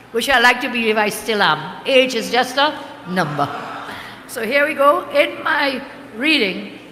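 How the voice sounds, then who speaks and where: A woman's voice: fairly high pitch, pushed and bright, a little hiss or hum. An older woman giving a rousing campaign rally speech as a party leader, rhetorical and chanting slogans. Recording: echoey hall with crowd ambience.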